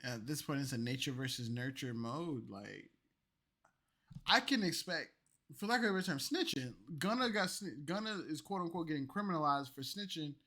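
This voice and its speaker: A tipsy man ranting over clips in a profane, animated commentary. His fairly high voice jumps from shouted outbursts down to a slurred mumble. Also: normal speed. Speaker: streamer reacting to clips.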